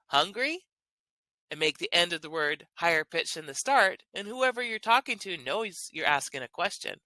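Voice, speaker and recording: A woman presents a scripted language lesson, eager and upbeat as she explains grammar. Her voice is lowish yet bright and forceful. The sound is dry and close, with no room echo. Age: adult with children. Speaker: language teacher.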